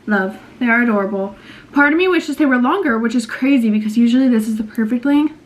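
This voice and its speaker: A woman's voice: a little high, fast talker. A young woman in her twenties chatting casually to camera at home, rambling and indecisive with lots of fillers. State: out of breath. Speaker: beauty vlogger. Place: at home, indoors. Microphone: camera mic, later phone on a tripod.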